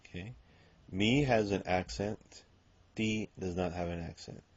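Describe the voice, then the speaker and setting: A very deep-voiced man works through a grammar lesson at an unhurried pace, checking in with a steady "okay?" as he goes. The recording sounds dull and lo-fi. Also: dry recording. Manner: explains step by step, with many ums and okays. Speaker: Spanish teacher.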